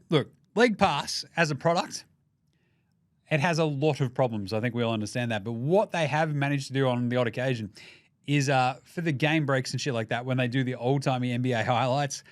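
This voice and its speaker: Clean studio sound with no room noise captures a mid-range male voice with an Australian accent. He hosts a casual sports commentary podcast, animated and jokey, swearing constantly.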